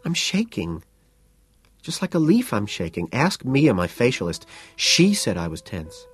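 A man's voice: mid-range voice, wildly swooping pitch, a little slow, husky, soft background music, pitched above the performer's own voice, heavily acted. A man voicing a whiny, demanding, pampered wealthy young woman in an audiobook. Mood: whiny, fretful. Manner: whining, demanding. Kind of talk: audiobook character voice.

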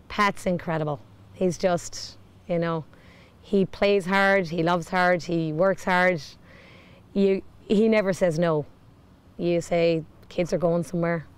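A woman's voice: lowish voice, fairly even intonation, slow, clear, resonant tone. A woman talking in an interview about her team, earnest and heartfelt. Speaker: team member.

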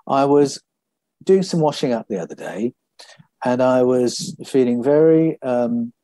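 Mellow-voiced man, reflective storyteller. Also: mid-range voice, animated, a little slow, no echo. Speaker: author guest. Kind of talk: podcast interview.

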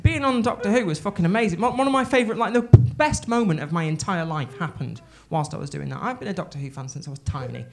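On a comedy club stage, handheld mic in hand, a woman tells a stand-up story. Her lowish, gravelly voice races along with few pauses as she swears, gets excited, rambles, and keeps restarting.

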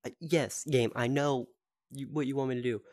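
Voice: medium pitch, fairly even intonation, moderate pace, a little mellow, dry recording, clean studio sound. A gaming video host giving chatty VR gameplay commentary and playfully taunting enemies.

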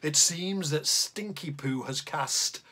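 A man's voice: takes it slowly, slightly rough. A man hosting a children's drawing show, reading a comic poem aloud in a playful voice, then chatting as he sets up to draw. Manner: lively and playful, swooping pitch.

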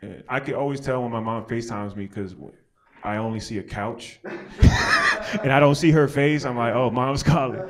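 A man's voice: mid-range voice, brisk. A young American man doing stand-up comedy at a small live show. He talks loose and slangy, riffs on the crowd and laughs at his own jokes. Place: small outdoor alley show with an audience.

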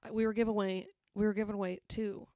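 A woman's voice: mid-range voice, little pitch movement, fast, warm tone, no echo, studio quality. A woman with a Southern US accent hosting a live music stream, chatty and teasing, laughing often. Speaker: host of a live music show. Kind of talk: casual live-stream chat.

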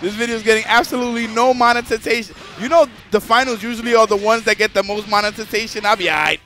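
High bright guy streaming a fighting game, crude jokes, keeps talking to chat, faint music under him. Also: steady tone, fast talker. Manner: crude, joking, talks straight to the chat. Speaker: streamer and tournament commentator. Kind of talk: casual live-stream commentary.

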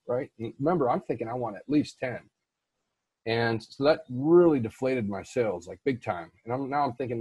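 A real estate investor appearing as an interview guest tells a long, casual story, restarting often and using many fillers. His voice is medium-pitched and darkish with a breathy edge, at normal speed, in a dry recording.

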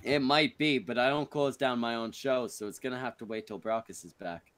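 A man's voice: mid-range voice, brisk, noisy background. A man hosting a podcast stream in casual chat, rambling and joking crudely, full of uh and restarts. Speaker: podcast host.

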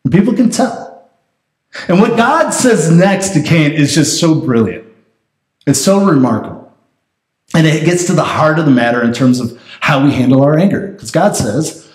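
A man pastor preaching a sermon in a conversational, animated way. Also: on the high side, normal speed, long pauses, roomy sound. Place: church sanctuary.

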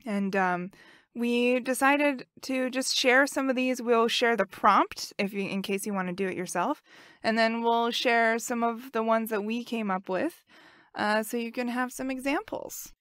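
A woman's voice: a little high, measured pace, a bit bright, smooth, dry recording, clean studio sound. A woman co-hosting a casual podcast, chatting with her siblings in an upbeat way and laughing often. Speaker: podcast co-host. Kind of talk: casual chat.

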